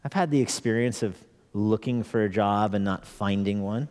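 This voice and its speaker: Speaking at a normal speed in a lowish, slightly mellow voice, a man pastors his church through a conversational sermon. He earnestly asks rhetorical questions, repeats phrases to stress them, and chuckles occasionally, all echoing with long church hall reverb.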